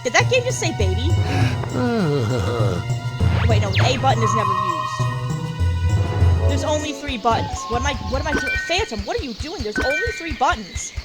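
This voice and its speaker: A woman's voice: high voice, very animated, moderate pace, pauses often. A woman hosting a let's play, giving casual, rambling commentary and playfully trash-talking the game's enemies. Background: loud game music.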